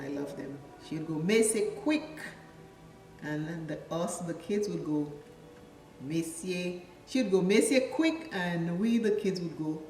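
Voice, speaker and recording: A woman with a fairly low voice, from Dominica, talks through a makeup tutorial in a playful, rambling way, sliding into stories from her childhood. She sits back from the mic in an echoey room, and faint music plays behind her. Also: darkish tone, recorded from a distance. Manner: chatty and playful, drifts into storytelling. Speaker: makeup vlogger. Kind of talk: casual makeup tutorial chat.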